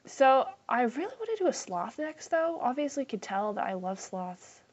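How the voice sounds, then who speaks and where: A woman's voice: sits high, very animated, normal speed, darkish tone, dull audio. A woman chatting casually in a craft vlog, self-deprecating and swearing freely, sometimes dropping to a whisper. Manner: drops into whispers for asides. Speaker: craft vlogger.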